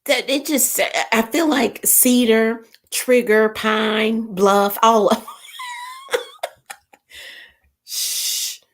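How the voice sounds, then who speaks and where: A woman's voice: on the high side, fairly even intonation, slow pace. A woman, hosting a casual livestream and reading viewer comments aloud, laughing often and puzzling over unusual names.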